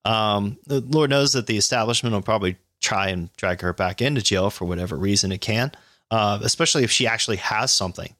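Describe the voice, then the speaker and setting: A man's voice: lowish voice, brisk, fairly bright tone, dry recording, studio quality. A man co-hosting a podcast, reading news stories aloud and adding sarcastic, profane comments and laughs. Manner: sarcastic, laughs often, swears.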